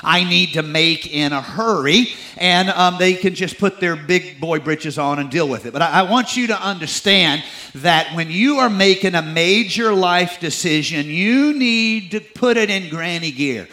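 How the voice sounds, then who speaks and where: A man preaching a sermon in a folksy, joking way, dropping into quiet asides between scripture readings. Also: high voice, lively intonation, measured pace. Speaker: pastor.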